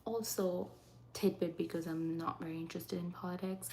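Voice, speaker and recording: A woman chats her way through a live makeup session, her fairly low voice carrying a gravelly edge. She keeps slipping into soft half-whispers, with a faint hiss of background noise underneath. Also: normal speed. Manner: chatty, often dropping into soft half-whispers. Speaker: livestreaming makeup host. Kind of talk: casual live makeup chat, reading comments. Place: at home in Saskatchewan.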